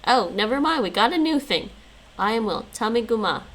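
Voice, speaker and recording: A woman's voice: fairly high pitch, lively intonation, a little fast, fairly bright tone, poor audio. A woman streaming her language practice, repeating words after an app and chatting casually with viewers, often laughing. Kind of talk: casual chat while practising vocabulary.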